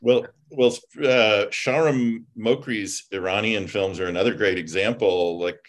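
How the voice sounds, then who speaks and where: A man, a film writer and producer, chatting casually and telling animated stories full of fillers and digressions. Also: fairly low pitch, unhurried. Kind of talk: casual chat.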